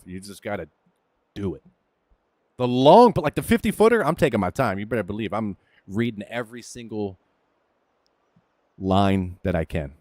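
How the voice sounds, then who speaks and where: In a dry recording, a man with a deep, slightly mellow voice streams a golf video game. He talks through his shots in casual, candid commentary, coaching himself and sometimes swearing.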